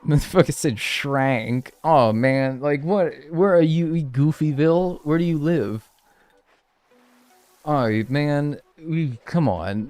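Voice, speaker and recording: Male streamer, casual and jokey, swears freely, soft music underneath. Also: a little high, lively intonation, slow, dry recording. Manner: playful, bantering with chat, swears, mock-outraged. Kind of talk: casual live-stream chat.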